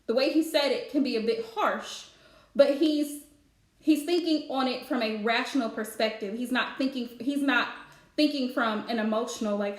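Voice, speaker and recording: A woman's voice: fairly high pitch, moderate pace, roomy sound. A woman giving a live-streamed spiritual reading, chatty and advice-giving with lots of fillers. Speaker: psychic card reader.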